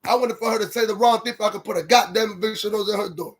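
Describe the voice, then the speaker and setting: A high-pitched man delivers a heated, profanity-heavy rant as the host of his own livestream. He keeps stopping to read viewer comments aloud before he launches back into his tirade. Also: fairly even intonation, rapid-fire, slightly rough. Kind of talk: ranting livestream monologue.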